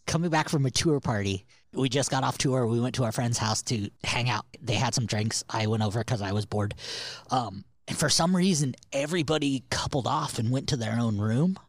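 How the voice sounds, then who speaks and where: A man's voice: medium pitch, moderate pace, no echo. A man co-hosting a podcast, telling rambling anecdotes in casual chat and swearing freely. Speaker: podcast co-host.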